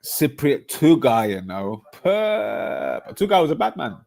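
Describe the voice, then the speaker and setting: A man, bragging and rambling in a loose, slangy way during a casual football chat. His voice sits at an ordinary middle pitch for a man, and he talks like he's among mates around the table. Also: sing-song, normal speed, gravelly, warm tone. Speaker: football podcast panelist. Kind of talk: casual banter about football.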